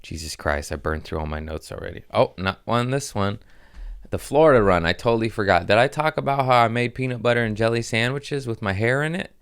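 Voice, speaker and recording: Low-voiced man telling a rambling story. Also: fairly quick, clean tone, no echo, clean studio sound. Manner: rambling, laughs often, swears casually. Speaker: podcast host and stand-up comic. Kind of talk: casual storytelling chat.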